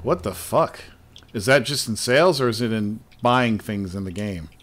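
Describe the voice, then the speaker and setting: A man's voice: lowish voice, normal speed, fairly bright tone. A man hosting a gaming podcast, chatting casually about game news, swearing freely and laughing often. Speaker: podcast host.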